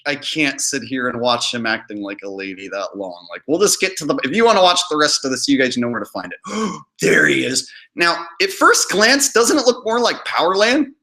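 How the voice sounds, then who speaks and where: A man's voice: on the high side, lively intonation, normal speed, sharp tone. A man hosting a reaction video, mocking and sarcastic and often laughing. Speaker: host. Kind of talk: reaction commentary.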